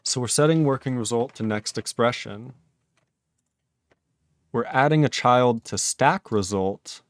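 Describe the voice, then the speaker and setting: A man's voice: medium pitch, a little slow, no echo. Chuckling man thinking aloud while coding. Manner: thinks aloud, chuckles often, chats with viewers. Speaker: programming live streamer. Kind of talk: casual live-coding stream talk.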